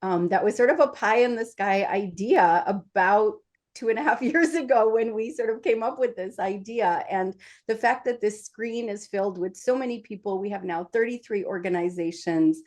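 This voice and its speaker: A woman's voice: mid-range voice, moderate pace, a little mellow. A woman who leads a nonprofit, giving earnest remarks over a video call with frequent filler words. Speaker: nonprofit leader. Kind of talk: prepared remarks.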